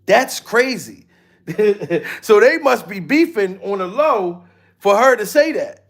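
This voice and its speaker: A man hosting a comedic livestream, animated and incredulous, swearing freely. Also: high voice, takes it slowly.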